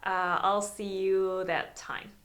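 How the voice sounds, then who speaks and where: Bright-voiced woman teaching in a slow chat. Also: mid-range voice, little pitch movement. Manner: chatty, halting, with many fillers and restarts. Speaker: violin teacher. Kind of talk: casual video lesson.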